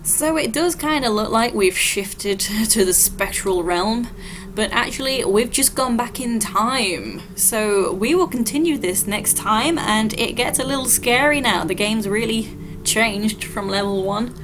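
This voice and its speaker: A woman giving relaxed, explanatory commentary while playing through a game level. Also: fairly high pitch, unhurried, background noise. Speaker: gameplay walkthrough host. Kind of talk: casual gameplay commentary.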